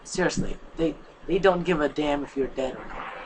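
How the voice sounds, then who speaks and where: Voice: mid-range voice, lively intonation, normal speed, slight background noise, rough recording. A young reader narrating fan fiction casually, with rambling asides and slang. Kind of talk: casual story reading.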